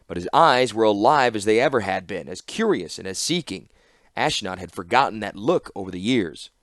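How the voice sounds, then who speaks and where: A man narrating an audiobook in an expressive storytelling style. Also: on the low side, no echo, clean studio sound. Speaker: audiobook reader.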